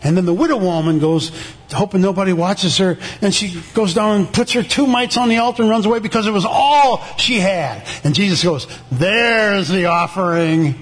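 An older man with a notably high voice tells his church testimony. He stumbles, restarts and repeats words, then slips into the voices of the people he is describing. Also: brisk. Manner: animated, acts out the voices of people in his story. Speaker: veteran giving a testimony.

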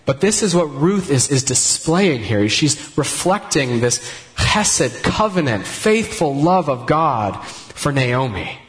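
A man teaching a Bible story in a casual, animated way, voicing the characters' words as he goes. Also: a little high, slow.

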